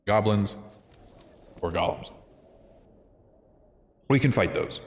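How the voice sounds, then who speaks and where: A man's voice: low-pitched, brisk. A man streaming a video game, chatting with viewers in a loose, swear-filled way. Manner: animated, swears freely, chats with viewers. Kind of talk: casual gameplay commentary. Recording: echoey room with long reverb.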